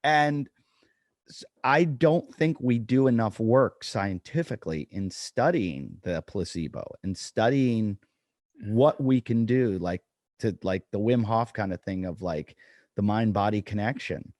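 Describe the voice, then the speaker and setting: Brief: male comedian co-host, lowish voice, dry close sound, animated anecdote-teller. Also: measured pace, no echo. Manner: animated storyteller acting out quotes. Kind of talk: casual storytelling chat.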